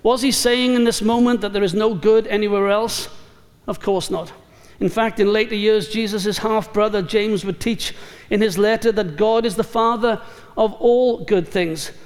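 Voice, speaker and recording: A man preaching a sermon as pastor, measured and emphatic, building through repeated phrases. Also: high voice, steady tone. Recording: long reverb of a large hall.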